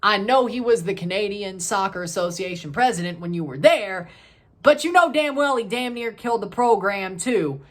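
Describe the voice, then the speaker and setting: A woman's voice: mid-range voice, lively intonation, moderate pace. A woman hosting a solo soccer match review, ranting in a heated, exasperated way and swearing casually.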